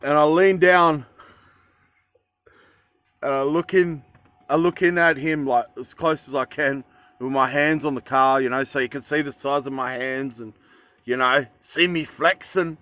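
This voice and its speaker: A man's voice: mid-range voice, fairly even intonation, measured pace, a bit bright. An Australian man telling a story in a casual vlog, rambling with fillers and self-corrections. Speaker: vlogger.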